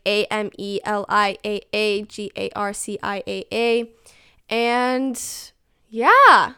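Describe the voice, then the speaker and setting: Chatty young woman podcaster, smooth voice. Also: on the high side, fairly bright tone. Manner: chatty, rambling, self-mocking, many "like"s. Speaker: podcast host. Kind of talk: casual solo podcast chat.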